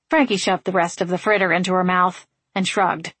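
A woman narrating an audiobook in an even, wry storytelling manner. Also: lowish voice, brisk, breathy edge, dry recording.

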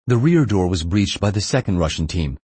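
Deep husky male thriller narrator. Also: expressive, a little fast, darkish tone, dry recording. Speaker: audiobook narrator.

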